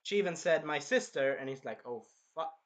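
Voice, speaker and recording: A man giving a casual anime episode review, excitable, acting out scenes in bursts and swearing freely. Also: fairly high pitch, a little fast.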